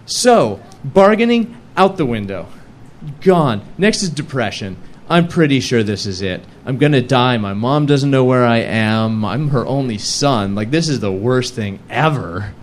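Young male storyteller, animated and self-mocking, voice swinging up and down, mid-pitched, faint room noise. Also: measured pace. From United States. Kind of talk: live story slam storytelling. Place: stage before a live audience.

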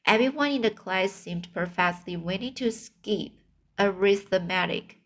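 Slow, careful woman reading a storybook. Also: mid-range voice, fairly bright tone. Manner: slow, careful, restarts on hard words. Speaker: narrator. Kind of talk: reading a children's book aloud.

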